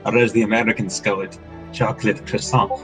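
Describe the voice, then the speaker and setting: A man's voice: on the low side, fairly even intonation, fairly quick, music in the background, low-quality recording. Joking man playing a game with a friend. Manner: joking, laughing between lines. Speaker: let's play co-player. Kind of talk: casual chat over a game.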